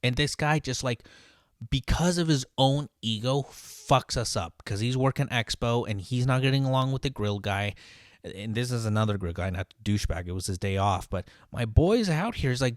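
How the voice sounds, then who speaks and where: A man's voice: medium pitch, moderate pace, no room sound. Brief: line cook, male, casual profane storyteller, dry recording. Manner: profane, venting, animated.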